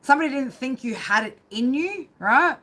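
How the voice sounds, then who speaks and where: A woman's voice: sits high, animated, moderate pace, a bit bright. A woman giving a live tarot reading on a stream. She rambles casually and swears, and ends almost every phrase with "right?". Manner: rambling, casual and profane, constant "right?" tags. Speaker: tarot reader.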